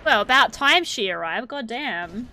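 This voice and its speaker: A woman streaming a game live, chatting to her viewers, laughing often and swearing freely when she gets excited. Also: on the high side, a little slow, slight background noise. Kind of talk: live gameplay commentary.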